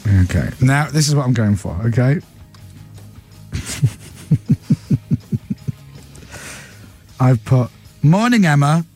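Chatty male breakfast-radio host, animated and expressive, light music faint behind. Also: medium pitch, very slow, pauses often, breathy edge. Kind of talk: casual radio chat.

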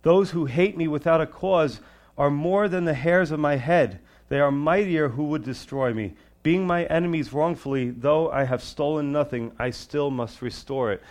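A man preaching a sermon as pastor, shifting between loud, high emphasis and quiet, low asides. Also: normal speed.

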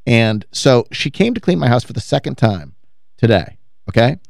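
A man's voice: medium pitch, very animated, moderate pace, vocal fry, a little mellow, dry recording, clean studio sound. A man co-hosting a radio show in casual banter, with a sardonic, self-deprecating way of talking.

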